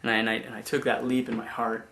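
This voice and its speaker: A man's voice: medium pitch, little pitch movement, bright, forceful tone, slight background noise. Young guy telling his faith story, lots of stops and restarts, kinda echoey room. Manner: halting, many restarts and repeated words. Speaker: former missionary giving testimony. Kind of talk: personal faith testimony.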